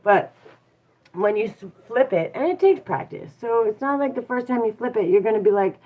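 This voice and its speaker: A woman's voice: on the high side, lively intonation, normal speed. A woman hosting a casual motivational talk, encouraging listeners and asking them rhetorical questions. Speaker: host. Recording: tinny phone-like sound.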